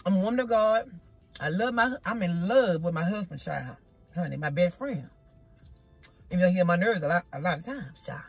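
Husky-voiced woman in a chatty eating vlog. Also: lowish voice, lively intonation, fairly quick, dry recording, soft background music. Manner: chatty and folksy, drawls "child" and "y'all"; talks while eating. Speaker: vlogger eating on camera. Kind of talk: casual chatty mukbang vlog. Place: outdoors in a parking spot. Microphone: phone camera.

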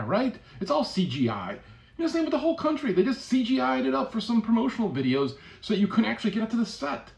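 A man's voice: high voice, fast, gravelly. A man delivering a mock-serious comic rant, playful and insistent, tagging lines with "right?". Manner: playful, keeps asking "right?"; animated, fake-conspiracy insistence. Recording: echoey room.

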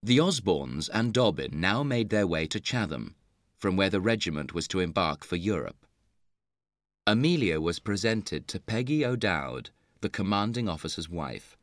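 A man narrating a story for English learners in a measured, clear reading. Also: sits low, very animated, dry recording, studio quality.

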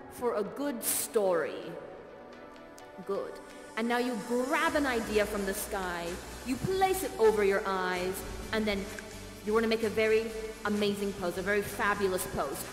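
An actress playing Rhonda, a bubbly, encouraging dance guide leading the audience through a playful performance in a live virtual theater show. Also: female voice, on the high side, echoey room, big-room sound.

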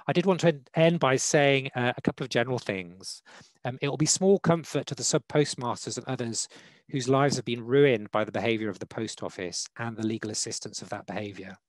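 A man speaking as a law panelist in a formal online talk, measured and hesitant with frequent fillers, on a video call. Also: medium pitch, no room sound, rough recording. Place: online webinar.

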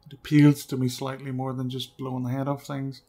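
A man giving casual gameplay commentary, chatty and often dropping to quiet muttering as he sneaks around. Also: mid-range voice, completely flat delivery, brisk. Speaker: let's play gamer.

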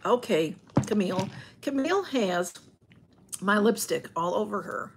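A woman's voice: medium pitch, lively intonation, unhurried, background noise. A woman chatting on a livestream from home, rambling and greeting viewers by name as she reads their comments. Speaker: livestream host. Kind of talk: casual livestream chat.

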